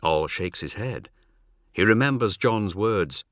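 A man reading a novel aloud as narrator, measured and dramatic. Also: lowish voice, expressive, fairly bright tone, no echo, clean studio sound. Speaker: audiobook narrator. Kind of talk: scripted narration.

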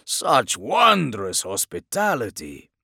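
A man's voice: mid-range voice, animated, slow, fairly bright tone, no room sound, clean studio sound. A man voicing an arrogant, defiant imprisoned warrior who talks in grand, mocking declamations. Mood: sardonic mocking. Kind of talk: audiobook character voice.

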